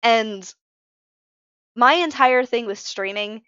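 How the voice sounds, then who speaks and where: A woman's voice: a little high, slow, fairly bright tone, smooth, no echo, highs cut off. A tired woman streamer chatting casually while she draws. She rambles and interrupts herself, and is frank about being emotional. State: tired from little sleep. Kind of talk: casual live-stream chat while drawing.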